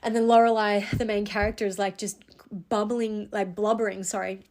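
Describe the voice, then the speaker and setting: A woman's voice: medium pitch, flat delivery, a little fast, a little mellow. A young woman hosting a podcast, talking earnestly and candidly in a reflective personal monologue, with casual fillers and the odd swear. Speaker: podcast host.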